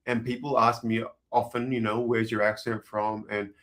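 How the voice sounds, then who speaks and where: An Australian man talks casually as a musician guest in a podcast interview. He is easygoing and rambling and laughs lightly between thoughts. His voice sits in an ordinary middle pitch. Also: flat delivery, normal speed, a bit bright. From Australia, west coast.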